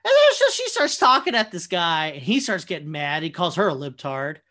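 A young man casually telling a profane, animated story, full of fillers and quoted asides. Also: on the high side, normal speed. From Michigan, USA. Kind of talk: casual anecdote chat.

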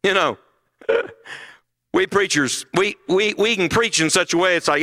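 A man's voice: high-pitched, normal speed, bright, forceful tone. A middle-aged man preaching a sermon at a conference, emphatic and full of rhetorical questions.

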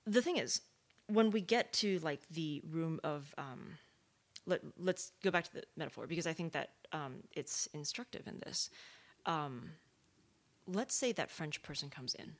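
A woman's voice: low-pitched, measured pace. A woman in casual conversation, thinking aloud with many fillers and rhetorical questions. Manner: thoughtful, animated, lots of fillers and rhetorical questions.

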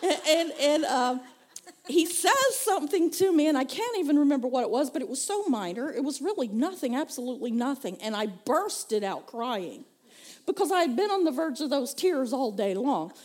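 A woman's voice: sits high, lively intonation, normal speed, darkish tone. A woman pastor, preaching a conversational sermon, telling stories and laughing often. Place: church.

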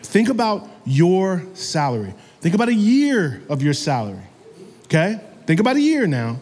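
A man preaching a sermon as pastor, animated and calling out to the congregation for amens. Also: high voice, moderate pace, long reverb tail. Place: church sanctuary.

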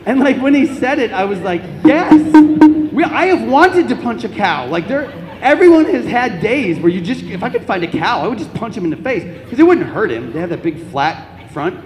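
A young man with a high, light voice tells comic stories from his own life to a crowd, getting animated as he goes. His voice rings around a big echoey hall, with a faint hum of the room behind him. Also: a little fast, few pauses. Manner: animated, comic storytelling with laughs. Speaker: Catholic speaker. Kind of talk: storytelling talk to an audience.

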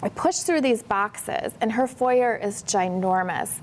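A woman's voice: mid-range voice, slow pace, a little hiss or hum. Chatty woman telling a story. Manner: animated, acts out dialogue in a brighter voice. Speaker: professional organizer. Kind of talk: casual interview storytelling.

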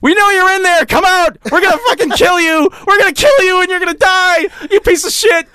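A man voicing hostile male raiders in an online game who yell threats through a door. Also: very high-pitched, brisk, pitched above the performer's own voice. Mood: threatening. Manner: shouted, threatening. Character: menacing male gamer raiders shouting threats.

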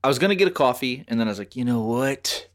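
A man's voice: medium pitch, fast. A man hosting a podcast, telling stories in casual chat, swearing and acting out voices. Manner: animated storyteller, swears, acts out voices. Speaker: podcast host.

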